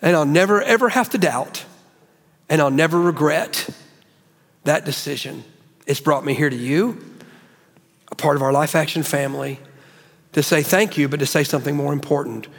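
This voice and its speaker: A male pastor with a notably high voice preaches a sermon. He speaks with earnest, heartfelt emotion as he weaves a personal story into the message. The sound rings out in a large hall with a long, lingering reverb. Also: moderate pace, creaky, long pauses.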